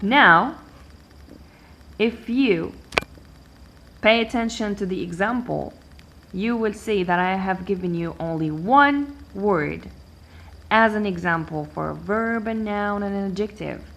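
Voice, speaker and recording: A woman teaching an English lesson, explaining slowly and patiently and repeating key words. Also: medium pitch, creaky, fairly bright tone. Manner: patient and repetitive, switching between English, Arabic and French. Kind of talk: language lesson explaining word stress.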